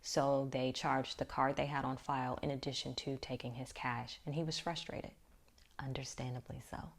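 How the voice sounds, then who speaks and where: A woman's voice: a bass voice, little pitch movement, moderate pace, vocal fry. A woman vlogger telling a personal story in a reflective way, often dropping to a near-whisper.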